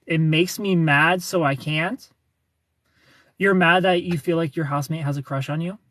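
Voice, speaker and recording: On a relaxed livestream, a man welcomes viewers by name and reads their comments aloud, teasing them and laughing often. He speaks at normal speed with a fairly high, somewhat bright voice in a dry recording.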